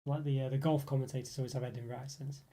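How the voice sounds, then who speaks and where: Mellow-voiced chatty man on a live stream. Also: medium pitch, little pitch movement, very fast. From northeast England. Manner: rambling, chatty, many fillers and restarts. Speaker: livestream host reading chat. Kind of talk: casual live chat.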